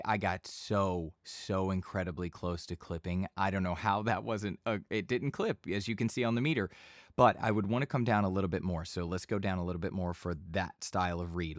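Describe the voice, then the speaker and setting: Deep-voiced man teaching in a dry studio. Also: no echo. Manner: relaxed conversational teaching, occasional bursts of yelling demos. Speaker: voice-over instructor. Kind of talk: casual tutorial explanation. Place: home recording studio. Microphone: studio microphone.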